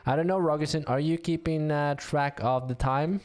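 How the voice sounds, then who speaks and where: A man's voice: fairly high pitch, steady tone, normal speed, a little mellow. A man casting a live online game match, chatty and joking with his co-caster and the audience. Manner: chatty, joking, easily amused. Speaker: esports caster.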